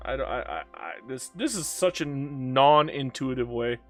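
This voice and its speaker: A man's voice: mid-range voice, very animated, normal speed, soft background music. A man giving casual live-stream commentary on a strategy game, chatty and swearing, talking back to the game and to chat.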